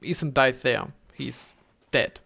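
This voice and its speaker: A man's voice: mid-range voice, gravelly, pushed and bright, breathy edge. Rambling young man streaming a game. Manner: rambling, halting, many fillers and restarts, swears. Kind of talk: casual gameplay commentary.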